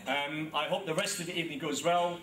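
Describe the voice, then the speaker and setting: A man's voice: on the high side, fairly even intonation, fairly quick, fairly bright tone, recorded from a distance, a little hiss or hum. A man with a London accent giving a genial, rambling speech at a press launch, with many ums and asides. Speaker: government minister giving a speech. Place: large echoey event hall. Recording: echoey hall, speaker off-mic.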